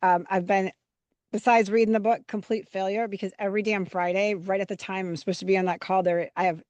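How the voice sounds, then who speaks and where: A woman hosts an interview and asks questions in a loose, chatty way, her thoughts winding before she gets to the point. Her voice sits at a middle pitch, recorded close and dry with no room sound. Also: level tone, fairly quick, a little mellow, no room sound. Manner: chatty, rambling, friendly questions. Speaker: podcast host. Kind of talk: casual interview.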